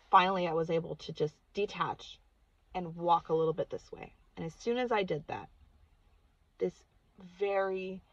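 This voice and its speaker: A woman's voice: lowish voice, no room sound, lo-fi sound. A woman vlogger casually telling a personal story, earnest and chatty, saying "like" constantly.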